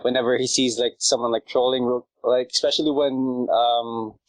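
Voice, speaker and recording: A man's voice: medium pitch, flat delivery, normal speed, no echo, low-quality recording. Casual rambling man, dry sound. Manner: rambling, lots of fillers and laughs. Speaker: podcast guest, subreddit creator. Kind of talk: casual chat.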